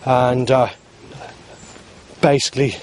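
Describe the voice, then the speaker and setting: A man's voice: mid-range voice, level tone, takes it slowly, a little hiss or hum. A man talking to camera outdoors in a rambling, agitated vlog monologue, full of fillers and restarts. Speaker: vlogger. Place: outdoors in the heat.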